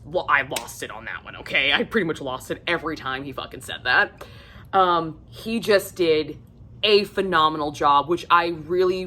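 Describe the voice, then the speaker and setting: A woman's voice: fairly low pitch, fairly bright tone. A woman giving a casual video book review, gushing and effusive and swearing freely.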